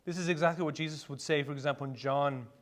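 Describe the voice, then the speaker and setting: Animated preaching man, fairly high voice. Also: fast. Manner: animated, with rhetorical questions and bursts of excitement; conversational preaching with asides and fillers. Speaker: pastor. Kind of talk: sermon.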